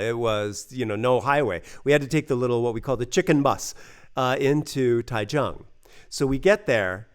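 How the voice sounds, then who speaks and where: Animated American man telling a story. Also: mid-range voice, clear, resonant tone. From United States. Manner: animated, acts out quoted voices, many fillers. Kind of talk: casual spoken storytelling.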